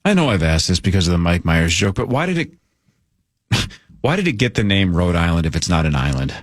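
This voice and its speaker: A man's voice: sits low, brisk, no echo. A man hosting a sports radio show, joking and bantering casually with co-hosts. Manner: animated, joking, laughs often.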